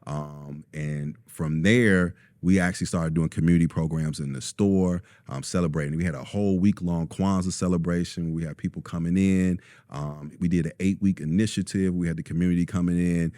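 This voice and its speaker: Man, low warm voice, relaxed storytelling guest. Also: moderate pace, few pauses, no room sound, studio quality. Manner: relaxed storyteller, many ums, acts out quotes. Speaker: store owner, guest. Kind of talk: casual interview talk.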